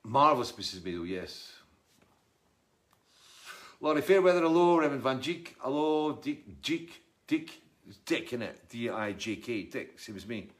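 A man's voice: mid-range voice, lively intonation, measured pace, fairly bright tone. A middle-aged Scottish man and musician, chatting casually and wryly as he reads out and answers viewer comments. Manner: rambling, chatty, wry. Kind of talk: casual live chat reading comments.

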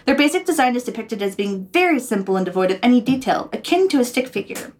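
A woman in a casual chat, excitable and laughing often as she explains things. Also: on the high side, fast talker, recorded from a distance.

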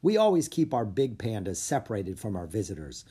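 A reader voicing a calm, patient male panda keeper who explains things politely. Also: medium pitch, fairly quick, husky. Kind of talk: storybook read-aloud.

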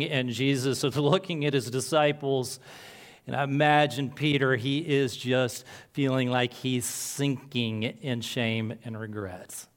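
A male pastor preaching a sermon earnestly, moving between soft, slow passages and emphatic lines. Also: medium pitch.

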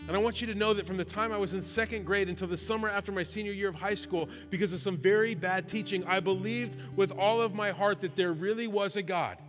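High-voiced pastor preaching in a reverberant church. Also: male voice, quick pace, hardly any pauses. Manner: earnest, repetitive rhetorical questions. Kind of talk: sermon. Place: church sanctuary. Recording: long hall reverb with faint guitar.

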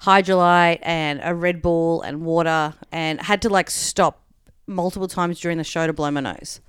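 A woman's voice: lowish voice, steady tone, moderate pace, clean tone, no room sound, clean studio sound. A woman comedian telling a long story in casual chat, full of "like" and acting out the quoted lines. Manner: chatty, peppered with "like", acts out quoted dialogue.

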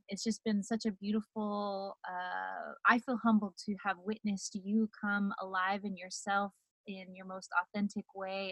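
A woman coach as a podcast guest, speaking in a gentle, heartfelt way. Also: mid-range voice, no echo, poor audio. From USA. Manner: gentle, heartfelt, soft-spoken. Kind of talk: casual chat.

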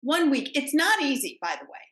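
An older woman, a grandmother, talking as a guest in a reflective, halting way with frequent restarts. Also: sits high, very animated, fairly bright tone, roomy sound, rough recording. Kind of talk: casual spiritual conversation.

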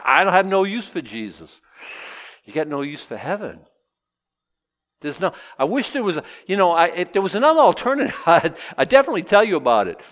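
A man preaching a casual, humorous sermon, stopping to joke and voice imagined objections. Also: on the high side. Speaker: pastor. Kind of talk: sermon with verse-by-verse teaching.

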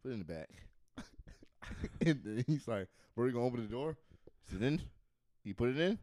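A man's voice: medium pitch, lively intonation, a little fast, warm tone, no room sound, clean studio sound. A man co-hosting a comedy podcast, telling a story and acting out both sides with laughter. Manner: acts out both sides of scenes, laughing often. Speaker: podcast co-host. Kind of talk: comedic storytelling with character voices.

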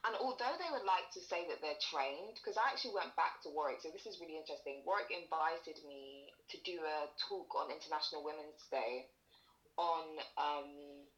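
A woman's voice: low voice, moderate pace, a bit bright, muffled recording. A young woman speaking candidly in a casual conversation, acting out the lines of people she talks about. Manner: candid storytelling with reenacted quotes. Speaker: guest.

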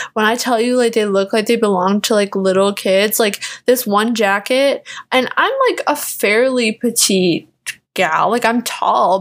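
A woman's voice: mid-range voice, fairly bright tone. A young woman hosting a podcast, telling a rambling personal story full of "like" fillers and swearing. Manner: rambling, heavy "like" fillers, profane. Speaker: podcast host. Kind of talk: casual storytelling monologue.

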